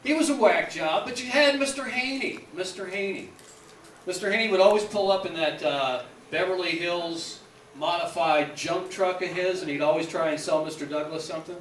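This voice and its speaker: A man rambling through a nostalgic stand-up bit on a club stage, his speaking voice sitting high. The recording is roomy and distant. A faint background hiss runs under it. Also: normal speed, a bit bright. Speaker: radio host doing stand-up. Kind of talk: stand-up comedy.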